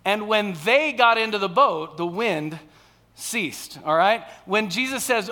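Man preaching on stage, chatty and engaging; notably high, sharp tone. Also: animated, unhurried. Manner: conversational, frequent "all right?" and "okay?" check-ins. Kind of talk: sermon.

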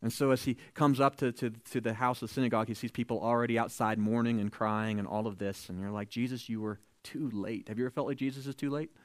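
A man preaching a sermon, retelling scripture with lively storytelling, acting out the quoted voices and adding joking asides. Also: medium pitch, fast, few pauses, no room sound. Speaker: pastor.

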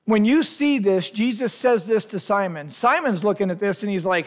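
A man with a notably high voice preaches to a youth group. He retells the story vividly and keeps turning to his listeners with direct questions. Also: animated, a little fast. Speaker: youth pastor.

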